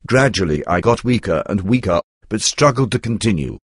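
A man reading a religious testimony aloud in a steady, earnest way. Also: on the low side, normal speed, breathy edge. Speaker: reader. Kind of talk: scripted narration of a religious testimony.

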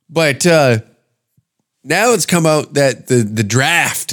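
A man's voice: fairly high pitch, expressive, takes it slowly, a bit bright. A man hosting a podcast, ranting with heavy swearing and sarcasm in a comedic monologue. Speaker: podcast host. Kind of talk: comedic rant.

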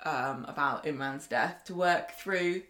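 A woman's voice: sits low, a little slow, a bit bright. A woman co-hosting a podcast in casual chat, playful and sarcastic. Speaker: podcast co-host.

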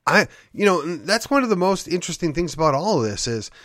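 A man's voice: a little high, very animated, fairly quick, fairly bright tone, no echo. Sarcastic man riffing, dry close mic. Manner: sarcastic, needling, rhetorical questions. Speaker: podcast host. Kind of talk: opinionated monologue.

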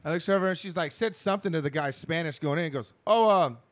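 A man's voice: on the high side, racing. A man casually telling a rowdy story to friends, swearing a lot, acting out voices and laughing as he goes. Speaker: podcast co-host telling a story.

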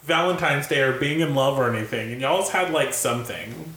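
A man's voice: medium pitch, a little fast, sharp tone. A man co-hosting a podcast in casual, giggly, rambling chat with friends. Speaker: podcast co-host. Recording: roomy with faint background noise.

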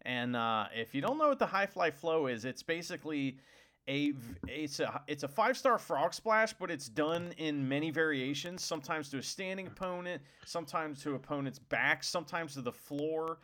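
A man co-hosting a casual wrestling podcast, excitable and swearing freely. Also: on the high side, normal speed. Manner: excitable, swears, laughs often. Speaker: podcast co-host.

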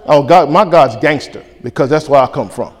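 A male pastor preaching a sermon, lively and colloquial, acting out back-and-forth dialogues. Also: a little high, normal speed. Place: church sanctuary. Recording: reverberant church hall.

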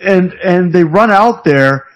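A man's voice: high voice, lively intonation, slow. A man co-hosting a podcast, bluntly and profanely recapping a movie in casual chat, laughing often. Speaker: podcast co-host.

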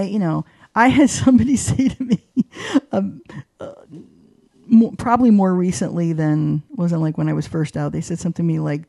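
Chatty woman interviewee, gravelly and warm, lively storyteller. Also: no echo, studio quality. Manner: chatty and animated, with many fillers; voices quoted people with big pitch jumps. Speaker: guest, arts journalist. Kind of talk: casual interview conversation.

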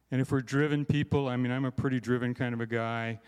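A man's voice: medium pitch, fairly even intonation, fast talker, few pauses, a little mellow, clear, resonant tone. A man delivers a sermon in a casual, joking way, tossing in frequent "right?" asides to the listeners. His voice sits in the middle of the male range. The sound carries a long reverb from a large hall. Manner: conversational, self-deprecating, frequent "right?" asides. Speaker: conference speaker.

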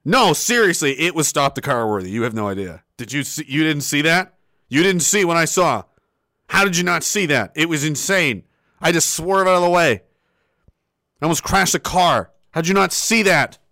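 A man hosting commentary in a sarcastic, animated way, laughing often. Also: fairly high pitch, normal speed, dry recording, studio quality. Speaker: commentary host.

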